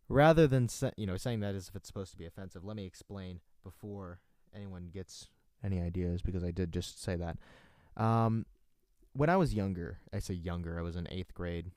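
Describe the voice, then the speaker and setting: A young man hosts a casual livestream, rambling from topic to topic and reading chat aloud. His voice is low and mellow, with a self-deprecating ease. The recording is dry and close. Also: moderate pace, no room sound. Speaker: livestream host.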